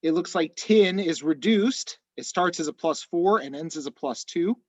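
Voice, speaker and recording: Slightly hoarse man teaching chemistry. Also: a little high, normal speed, darkish tone, no echo, highs cut off. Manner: explains step by step, methodical. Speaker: chemistry instructor. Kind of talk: online class review.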